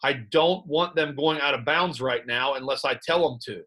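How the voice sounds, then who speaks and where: A man who coaches high school football, breaking down game film in conversation and telling animated stories about his players and staff. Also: normal speed. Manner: animated storyteller recounting sideline moments; plain coaching talk about play calls.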